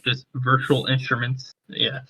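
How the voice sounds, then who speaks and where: A man co-hosting a podcast, talking haltingly about making his own music. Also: mid-range voice, monotone, sharp tone, husky. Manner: hesitant, searching for words. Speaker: musician and co-host. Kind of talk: casual podcast chat.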